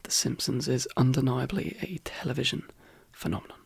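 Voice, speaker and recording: A man talking in a soft-spoken ASMR voice that keeps slipping into whisper. His voice is croaky and worn hoarse, gravelly and very breathy, and it sounds close and dry with no room around it. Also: mid-range voice, brisk, no room sound. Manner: rambling, relaxed, with fillers. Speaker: ASMR channel host.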